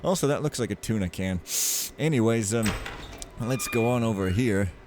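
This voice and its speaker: A man's voice: lowish voice, moderate pace, background noise. A man casually commenting on a game as he plays, rambling and jokey with lots of filler. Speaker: let's play host.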